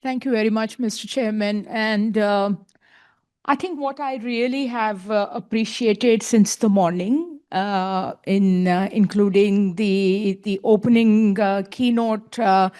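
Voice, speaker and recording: A woman's voice: medium pitch, takes it slowly, dark tone, clean tone. Earnest woman panelist. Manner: earnest, emphatic, frequent tag questions. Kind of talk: panel discussion remarks.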